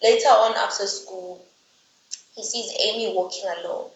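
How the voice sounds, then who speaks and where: A woman's voice: mid-range voice, steady tone, normal speed, slight background noise. A woman casually recapping a book's plot and ranting about the characters, speaking chattily with lots of "like" and exasperated asides. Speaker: book reviewer. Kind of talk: casual book recap and rant. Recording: roomy, slightly dull recording.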